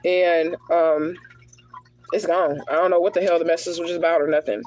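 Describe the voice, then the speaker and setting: A woman's voice: fairly low pitch, steady tone, normal speed, darkish tone, slight background noise, low-quality recording. Chatty woman reading cards live. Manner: casual, chatty, talks straight to viewers as y'all; drops into prayerful invocation. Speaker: spiritual card reader. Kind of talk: livestreamed tarot reading.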